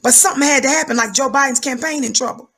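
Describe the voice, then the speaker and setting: A woman's voice: quick pace, sharp tone, slightly rough. A woman giving fiery preaching-style commentary, emphatic and rhythmic, repeating words for effect. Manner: calls herself high-energy.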